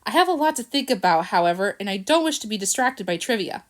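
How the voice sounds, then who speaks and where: A woman's voice: medium pitch, lively intonation, fast, natural voice. A woman reading a storybook, voicing a lazy male cat who speaks with faint disdain. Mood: lofty.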